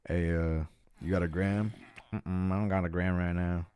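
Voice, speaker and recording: Streamer putting on a gruff, low, mumbling shady buyer; quiet and flat. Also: male voice, moderate pace, dry recording, natural voice.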